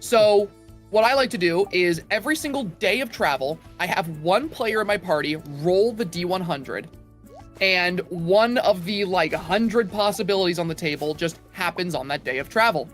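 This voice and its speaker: A man who runs tabletop games tells a story from one of his sessions in a lively, casual way, building up to each punchline. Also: sits high, normal speed, faint music behind. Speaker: tabletop game master. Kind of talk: casual storytelling over voice chat.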